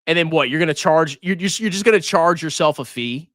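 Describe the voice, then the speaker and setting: A man hosting a casual personal finance livestream, talking in a sarcastic, mocking, excitable way. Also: on the high side, a little fast, no room sound, studio quality.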